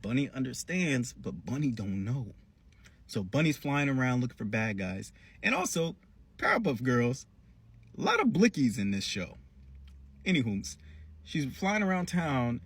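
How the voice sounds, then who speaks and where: A man giving a casual, slangy recap of a cartoon episode with animated storytelling. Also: medium pitch, moderate pace, slightly rough. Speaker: cartoon reviewer.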